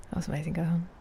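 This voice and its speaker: A British woman chatting casually on a live game stream, thanking viewers and sometimes dropping into a soft whisper. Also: on the low side, gravelly, slight background noise. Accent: British English.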